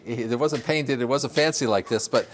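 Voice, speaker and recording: A man's voice: medium pitch, normal speed, a little hiss or hum. An older man from Vermont giving a casual greenhouse tour, rambling with fillers and frequent chuckles. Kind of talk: casual walking-tour interview.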